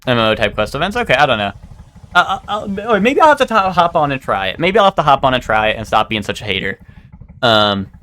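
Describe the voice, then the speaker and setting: Rambling, animated young male streamer. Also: medium pitch, fast talker. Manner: rambling, animated, bursts into loud outbursts. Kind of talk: casual live-stream chat.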